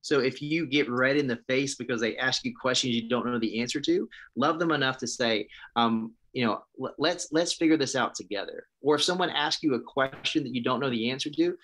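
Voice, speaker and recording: A man's voice: medium pitch, brisk, few pauses, a bit bright. Earnest, impassioned pastor, man. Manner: earnest, impassioned, preacherly, with frequent restarts. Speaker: pastor and guest. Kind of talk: interview, personal testimony.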